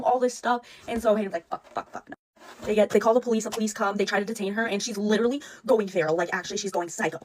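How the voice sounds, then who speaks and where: A woman telling a story in an excited, profane, breathless way. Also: a little high, a little hiss or hum. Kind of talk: casual storytime.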